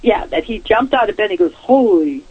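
A woman's voice: medium pitch, quick pace, husky. Woman telling a story over a phone line. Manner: chatty, laughs often while telling. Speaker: caller. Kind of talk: telling a personal ghost story. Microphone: telephone.

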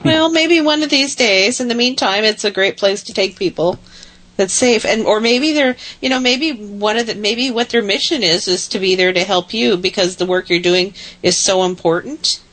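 A woman hosting a talk show, asking questions and reacting with short, brisk remarks. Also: mid-range voice, a bit bright, poor audio. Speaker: host. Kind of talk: casual interview talk.

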